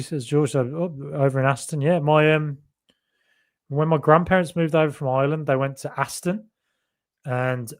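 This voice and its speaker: A young man from Solihull with a faded Birmingham accent, hosting a casual podcast chat and rambling as he reads out viewer comments. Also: a little high. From Solihull, Birmingham area. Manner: rambling, self-correcting, chatty. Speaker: podcast host.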